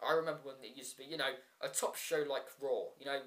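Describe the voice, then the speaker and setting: A man's voice: medium pitch, quick pace, fairly bright tone. A man giving a casual solo review vlog, frustrated and ranting, with many ums and restarts and sarcastic asides. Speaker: wrestling show reviewer.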